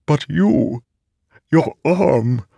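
A man's voice: on the high side, lively intonation, extremely slow, gravelly, mellow, breathy edge, dry recording, pitched above the performer's own voice, heavily acted. A man reading an audiobook and voicing an eager, childlike talking sword in a raised, wondering voice. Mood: anxious.

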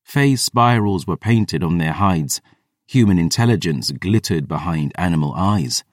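A man narrating a first-person fantasy story in a measured, descriptive way. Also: sits low, animated, dry recording, clean studio sound. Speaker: audiobook narrator.

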